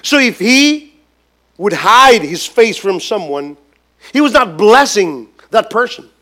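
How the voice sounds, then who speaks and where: A man preaching a sermon as a pastor, emphatic and repetitive, swinging between loud stresses and hushed lines. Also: high-pitched, very animated, takes it slowly. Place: church gathering.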